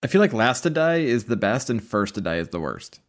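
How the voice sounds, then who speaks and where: A man's voice: lowish voice, very animated, a little fast. A man co-hosting a podcast, chatting and explaining his opinions with many "like"s. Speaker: podcast co-host. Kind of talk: casual chat about a TV show.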